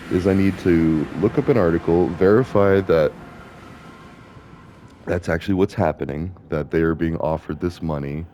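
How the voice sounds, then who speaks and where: Deep-voiced ranting young man. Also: a little mellow, slight background noise. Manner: ranting, indignant, digressive. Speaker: gaming vlogger. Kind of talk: casual rambling commentary while gaming.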